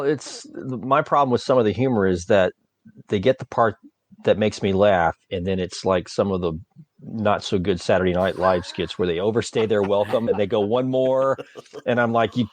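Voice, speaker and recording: A man's voice: lowish voice, no room sound. A man co-hosting a podcast in casual chat, joking and rambling, often repeating his words. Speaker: podcast co-host.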